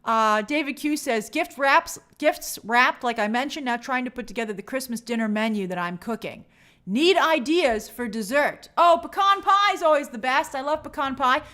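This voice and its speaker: A woman's voice: high-pitched, sharp tone. A woman hosting a livestream, chatting casually and reading viewer comments aloud in an upbeat way. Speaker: host reading live chat.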